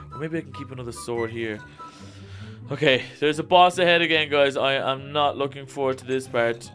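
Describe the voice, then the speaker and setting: A man giving let's-play commentary, jittery and excitable, talking straight to his viewers. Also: mid-range voice. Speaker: gaming YouTuber.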